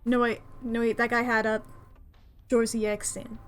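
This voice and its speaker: A woman's voice: fairly high pitch, flat delivery, moderate pace, faint music behind. A woman streaming a game, chatting casually and playfully, swearing freely and reading the game's dialogue aloud. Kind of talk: casual gameplay commentary.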